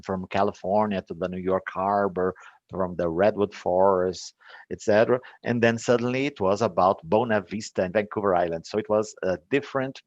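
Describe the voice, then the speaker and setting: A man with a Brazilian Portuguese accent talks through a lesson he taught, relaxed and chatty, with fillers along the way. His voice sits a little low. The sound is dry and slightly dull. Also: no echo. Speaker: English teacher. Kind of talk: recounting a lesson.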